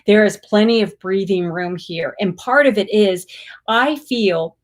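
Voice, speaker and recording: Middle-aged woman, livestream host; gushing, exuberant, breaks into squealing cheers; casual chat, medium pitch. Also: measured pace. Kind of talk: casual livestream chat reading viewer comments.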